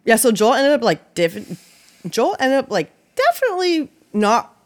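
A woman's voice: on the high side, big pitch swings, unhurried. A woman hosting a true-crime podcast in casual chat, blunt and swearing freely, laughing between facts. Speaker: podcast host.

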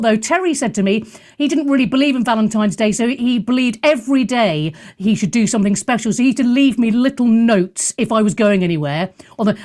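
A woman's voice: a little high, darkish tone. A woman hosting live radio from a studio in front of a camera, chatty and self-mocking with rambling asides. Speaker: radio show host. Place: studio room in London.

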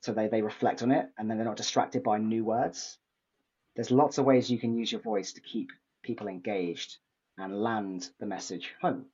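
A man hosting an interview podcast, speaking calmly as he sums up points and asks questions. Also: lowish voice, moderate pace, husky. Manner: calm, summarizing, asks questions. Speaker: podcast host. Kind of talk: conversational interview. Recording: dull lo-fi mic.

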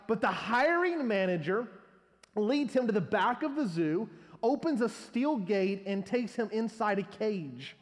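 A man's voice: high voice, lively intonation, a little slow, in a large hall. A male pastor preaching a sermon, telling a long humorous story as an illustration.

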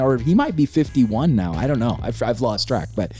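Excited man rambling about rap. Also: medium pitch, moderate pace, faint music behind. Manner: excited, rambling, swears freely. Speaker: podcast host. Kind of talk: casual chat about hip hop.

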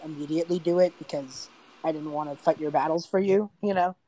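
A woman's voice: deep voice, fairly quick, dark tone. Rambling young woman game master. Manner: casual, rambling, lots of fillers. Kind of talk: narrating a tabletop game.

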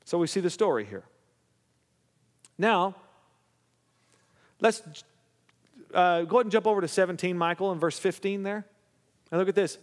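A man's voice: sits high, lively intonation, moderate pace, long pauses. A male pastor preaching a sermon, reading scripture aloud and then commenting, often checking in with the congregation. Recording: long hall reverb.

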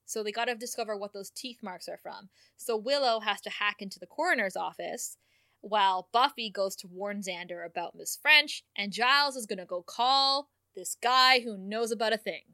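Bright, dry-voiced woman recapping chattily. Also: medium pitch, no echo. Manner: chatty, laughing, quick plot recapping. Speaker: podcast co-host. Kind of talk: casual recap chat.

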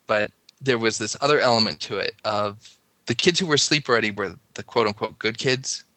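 A man's voice: fairly low pitch, brisk, sharp tone, dry recording. A man casually telling a long story, rambling and breaking off mid-sentence with lots of "like". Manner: rambling, self-interrupting, lots of "like".

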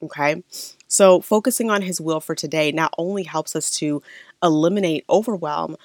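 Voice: medium pitch, normal speed, no room sound, clean studio sound. Earnest speaker giving a devotional talk. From Saint Paul, Minnesota. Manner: earnest, conversational, with frequent fillers and restarts. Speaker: devotional teacher. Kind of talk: devotional scripture teaching.

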